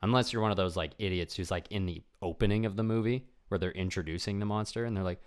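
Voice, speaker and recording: A young man hosting a solo podcast in a casual ramble, often dropping into quick imitations of other people. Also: low-pitched, smooth. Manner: rambling, animated, acts out voices of people he imagines. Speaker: podcast host.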